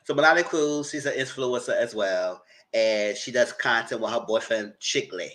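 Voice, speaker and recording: A man giving casual, chatty recap commentary on a reality show, often jumping into a high voice to mimic people. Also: normal speed. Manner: chatty, animated, mock-quotes people in a high voice. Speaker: TV recap host.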